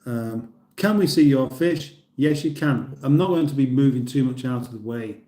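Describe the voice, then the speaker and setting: A middle-aged man with a British accent chats loosely through a livestream. He reads viewer comments aloud, rambles, and chuckles at his own jokes. His voice is dark and mellow, and it echoes around the room he is in. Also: medium pitch, normal speed. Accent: British English. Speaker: livestream host. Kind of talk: casual livestream chat reading comments.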